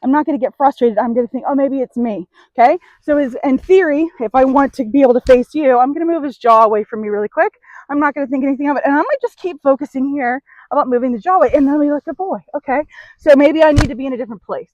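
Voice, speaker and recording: A woman horse trainer talks the camera through a hands-on demonstration while she works a horse. Her voice sits a little high, and she breaks off now and then to praise the animal softly. The recording is dry, with a slightly dull, muffled tone. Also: racing, no echo.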